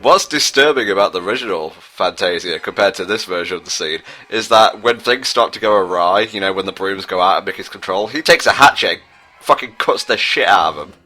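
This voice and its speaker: A man's voice: low voice, fairly quick, sharp tone, rough recording. A man giving casual, sarcastic commentary over a video game playthrough. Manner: dry, sarcastic, jokey asides. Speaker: let's play co-commentator.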